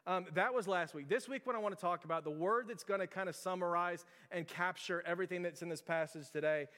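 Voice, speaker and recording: This pastor, in his thirties, speaks quickly in a high-sitting, fairly bright voice. His sermon is relaxed and conversational, carried by stories and frequent chuckles, with a hall's long reverb around him.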